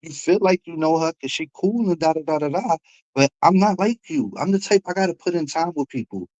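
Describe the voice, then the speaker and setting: A man's voice: a little high, animated, brisk, darkish tone, highs cut off. A young man with a New York accent, ranting bluntly and with profanity on his livestream about feeling disrespected. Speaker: livestream host. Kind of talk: heated livestream rant.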